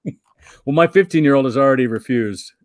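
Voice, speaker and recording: A man's voice: medium pitch, no echo. Easygoing man chatting, dry close sound. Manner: easygoing, laughs often, halting restarts. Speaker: comedian guest. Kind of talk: casual chat. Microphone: video call.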